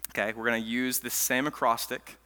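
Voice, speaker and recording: A man preaching a sermon as pastor, telling stories with lively swings between loud, eager stretches and hushed, quiet ones. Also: medium pitch, brisk. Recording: long hall reverb.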